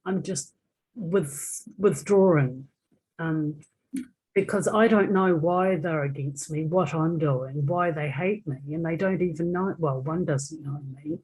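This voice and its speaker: Woman workshop participant, husky, slow, low-pitched, frustrated, hesitant. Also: a little mellow, poor audio. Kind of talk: sharing a problem in a group.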